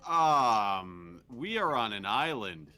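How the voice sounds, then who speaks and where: A man's voice: on the low side, big pitch swings, slow, bright, forceful tone, smooth. A man playing in a tabletop game, laid-back and full of fillers. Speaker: player. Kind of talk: casual tabletop role-play.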